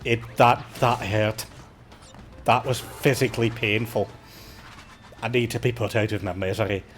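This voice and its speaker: A man's voice: fairly low pitch, fairly even intonation, measured pace, soft background music. A man chatting casually with viewers while playing a game on a charity livestream, joking and poking fun at himself. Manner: joking, self-mocking, chats with viewers.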